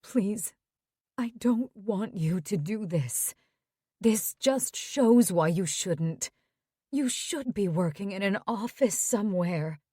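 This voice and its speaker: A woman's voice: mid-range voice, animated, takes it slowly, dark tone, slightly rough, no echo, clean studio sound. A woman voicing a worried middle-aged mother who pleads with her son. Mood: tearful.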